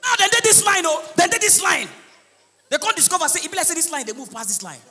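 Loud high-pitched Nigerian comedian shouting punchlines. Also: male voice, lively intonation, quick pace, big-room sound, some chatter behind. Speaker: stand-up comedian. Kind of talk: live stand-up comedy. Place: large live comedy venue with audience.

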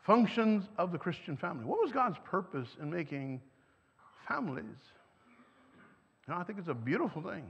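An older man whose first language is German teaches a sermon to parents in a church hall, asking the audience questions and chuckling between points. His high voice is very animated at normal speed, with vocal fry, long pauses and a breathy edge. He speaks into a microphone, and the recording has an echoey hall and dull lo-fi sound.

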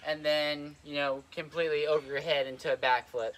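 A man's voice: a little high, flat delivery, a little fast, fairly bright tone, a little hiss or hum. A young man giving casual trampoline tips, rambling with lots of fillers and a little out of breath. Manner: rambling, lots of "like" and "kinda", repeats himself. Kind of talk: casual instructional vlog. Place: outdoors on a trampoline.

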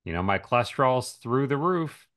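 A man's voice: medium pitch, very animated, moderate pace, a bit bright. A man in casual podcast conversation, talking emphatically and asking rhetorical questions. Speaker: podcast speaker on diet and health.

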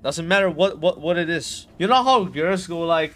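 A man's voice: a little high, lively intonation, brisk, hardly any pauses, a bit bright, a little hiss or hum. A man streaming a raid, chatting casually, swearing and saying bro all the time. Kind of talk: casual gaming chat.

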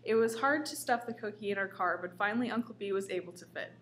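A woman's voice: mid-range voice, quick pace, a bit bright. Woman reading a story over faint hum. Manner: casual, stumbles and laughs while reading. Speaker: story reader. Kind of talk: reading a comic story aloud.

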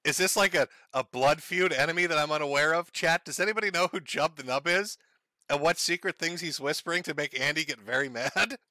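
A man's voice: fairly high pitch, brisk, pushed and bright, dry recording. A man doing casual livestream commentary on clips, mocking and profane, often breaking into laughter.

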